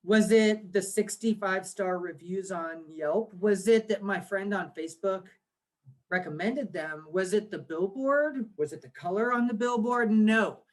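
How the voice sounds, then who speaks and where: This high-pitched man in his forties runs a marketing agency and appears as a podcast interview guest. He talks at a measured pace, explaining his points with lively rhetorical questions.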